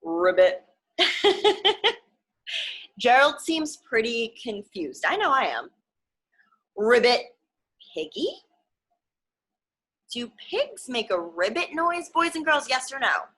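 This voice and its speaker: A young adult woman hosting a children's story reading, animated and speaking directly to the kids. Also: fairly high pitch, slow pace, long pauses, breathy edge, low-quality recording. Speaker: sports arena host reading to children.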